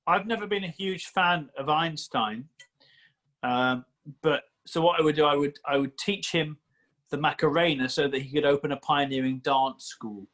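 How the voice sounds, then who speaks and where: A British man with a fairly high voice co-hosts a comedy chat. He delivers absurd ideas with a straight face. He is heard over a video call. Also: normal speed. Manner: deadpan absurd jokes. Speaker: podcast co-host. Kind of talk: casual chat.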